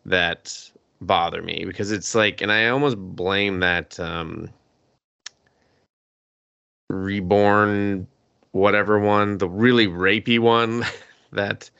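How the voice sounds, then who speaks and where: A man's voice: on the low side, creaky, a bit bright, dry recording, muffled recording. A man hosting a casual anime review podcast, swearing freely and acting out characters in quoted voices. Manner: profane, acts out characters in quotes. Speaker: podcast host.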